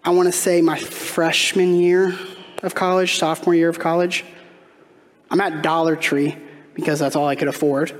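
A pastor with a fairly high, flat voice at normal speed preaches a sermon, telling a personal story conversationally and asking the congregation questions directly. The church sanctuary gives a long hall reverb, with faint music behind him.

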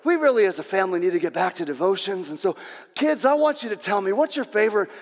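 A man's voice: high voice, sing-song, fast, big-room sound. A man doing an earnest dad at dinner. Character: father leading family devotions.

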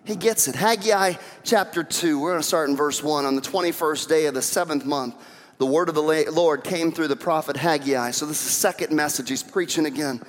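A man preaching a sermon as pastor, conversational and animated, asking the congregation rhetorical questions. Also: fairly high pitch, fairly quick. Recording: reverberant hall.

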